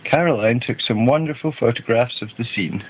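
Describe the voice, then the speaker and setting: A man narrating a children's storybook in a gentle, even read-aloud manner. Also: mid-range voice, moderate pace, a little hiss or hum. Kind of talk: storybook reading. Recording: tinny phone-like band.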